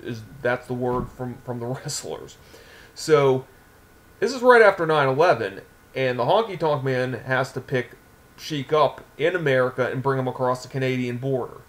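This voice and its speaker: A man casually telling an anecdote in an animated way, laughing often. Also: medium pitch, normal speed. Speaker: storyteller.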